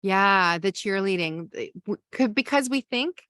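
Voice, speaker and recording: A woman's voice: medium pitch, lively intonation, unhurried, a bit bright, no echo. A woman hosting a live parenting masterclass, reading viewer questions and answering them in a loose, conversational way. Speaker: parenting coach and podcast host.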